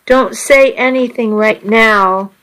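A woman reading a gentle loving man. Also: fairly high pitch, slow pace, rough recording. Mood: tender. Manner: soft, tender.

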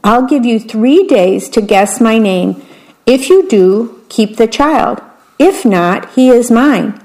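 A woman's voice: on the high side, expressive, slow pace, a little mellow, low-quality recording. A woman voicing a sly, strange little man who makes deals, in a wheedling storybook reading.

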